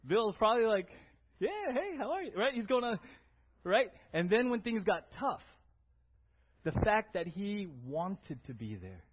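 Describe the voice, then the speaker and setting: A man preaching a sermon as pastor, conversational and animated, often asking "right?" to his congregation. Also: sits high, measured pace, lo-fi sound, slight background noise.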